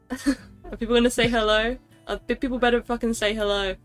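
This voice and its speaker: A woman's voice: a little high, fairly even intonation, normal speed. Woman, livestream host, casual chat, rambling, laughs a lot, faint music behind. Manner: scattered, self-interrupting, laughs often. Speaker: streamer.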